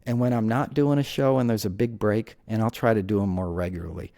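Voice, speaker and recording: A man's voice: fairly low pitch, steady tone, fairly quick, dark tone, dry recording. A man hosting his own podcast, talking alone in a passionate, rambling way, full of "you know" and "right?". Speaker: podcast host. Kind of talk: solo podcast monologue.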